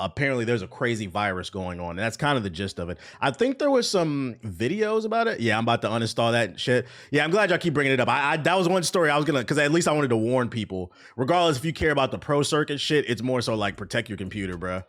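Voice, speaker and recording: A man's voice: medium pitch, animated, quick pace, a bit bright. A man streaming live, casually and profanely commenting on gaming news and talking to his chat. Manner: profane, rambling, talks to chat. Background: music beat playing.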